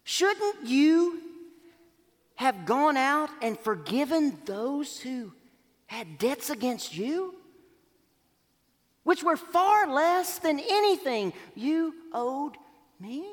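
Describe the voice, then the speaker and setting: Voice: high-pitched, big pitch swings, extremely slow, long pauses, voice pushed up, heavily acted. A preacher voicing an angry king who mocks and scolds a servant, with long hall reverb. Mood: scornful. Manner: mocking, scornful.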